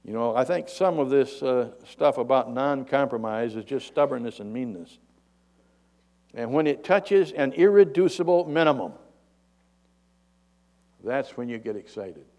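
A man's voice: medium pitch, creaky, darkish tone. A male preacher giving a folksy, conversational sermon.

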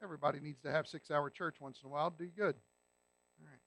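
A man's voice: a little high, steady tone, fast talker, a bit bright, dry recording. A man preaching a sermon, emphatic and asking the congregation rhetorical questions. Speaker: pastor.

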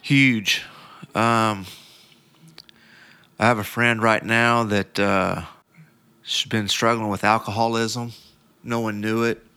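A middle-aged man speaks in a lowish, smooth, clear voice, recorded dry and close. He tells his story casually and rambles, full of fillers and restarts. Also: little pitch movement, slow pace, long pauses, pushed and bright, dry recording. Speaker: podcast guest.

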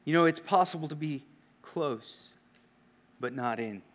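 High-voiced earnest male preacher. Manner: earnest, questioning, often drops to a hushed emphasis. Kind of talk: sermon.

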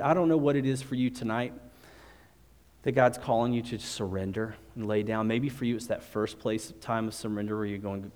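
A man's voice: lowish voice, normal speed, a little mellow. A man preaching a sermon at a church service and closing in prayer. He talks in an earnest, conversational way, often restarting his sentences. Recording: long reverb of a large hall.

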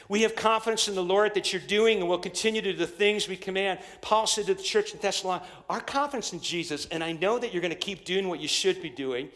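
A man preaching a sermon as pastor, leading the congregation in call-and-response and building to shouted declarations. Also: high voice, steady tone, brisk, few pauses.

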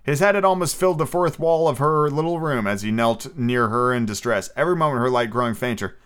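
A man hosts a podcast, reading a novel aloud and breaking off for casual asides. His voice is smooth and clear at a middle pitch, and he fixes his own slips as he goes. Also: a little fast, a bit bright. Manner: casual, with fillers and self-corrections while reading. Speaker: podcast host.

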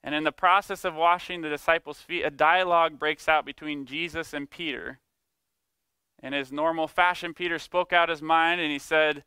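A man preaching a sermon, emphatic, slowing down to stress key words and acting out quoted speech. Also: fairly high pitch, fairly even intonation, sharp tone, clear, resonant tone, no room sound. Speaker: pastor.

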